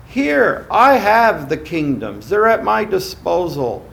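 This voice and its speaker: A man voicing a scheming male devil who coaxes and mocks, rising loud and high in a sermon. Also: huge pitch swings, takes it slowly, creaky, exaggerated voice. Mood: grandiose. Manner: coaxing, mocking, swelling loud.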